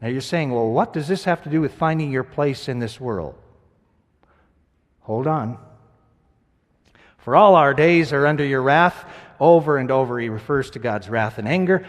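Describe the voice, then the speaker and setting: A male pastor preaching a sermon, moving between loud, emphatic scripture reading and hushed, quiet reflection. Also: mid-range voice, expressive, normal speed, pauses often. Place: church sanctuary. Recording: church sanctuary with long reverb.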